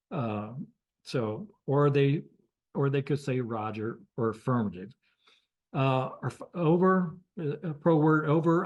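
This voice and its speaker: A man teaching a basic radio class, talking through it with many pauses, fillers and restarts. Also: fairly high pitch, a little mellow. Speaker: radio training instructor. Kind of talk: classroom lecture.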